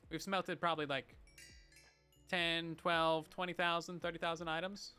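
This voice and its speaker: A man's voice: on the high side, normal speed, clean tone, faint music behind. A young man livestreaming, chatting casually and playfully while reading viewer messages. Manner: playful, animated, chatty with frequent laughs.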